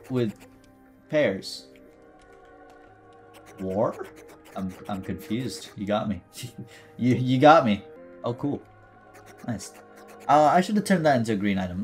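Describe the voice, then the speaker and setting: A man's voice: medium pitch, a little mellow. A man giving casual, jokey commentary over his gameplay, reading item descriptions aloud and talking back to the game's character. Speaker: gaming YouTuber.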